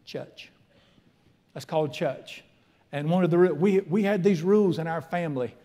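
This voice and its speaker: A man's voice: on the high side, moderate pace, warm tone. Folksy preacher man. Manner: folksy, emphatic preaching with Southern slang. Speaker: pastor. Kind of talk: sermon. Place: church sanctuary.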